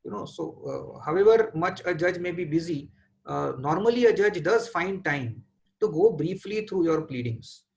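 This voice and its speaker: A man with an Indian English accent, in his forties, delivers a webinar lecture. His voice sits high for a man and has a gravelly texture. He talks in a measured way, often stopping on "uh" while he gathers his thoughts. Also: expressive, darkish tone, low-quality recording. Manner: measured, thinking aloud with frequent "uh" pauses. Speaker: trial lawyer lecturing.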